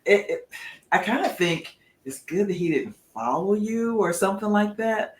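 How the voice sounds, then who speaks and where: A woman's voice: mid-range voice, lively intonation, normal speed. A middle-aged woman co-hosting a casual chat, asking curious questions and reacting with laughter. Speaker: co-host. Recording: roomy echo with faint noise.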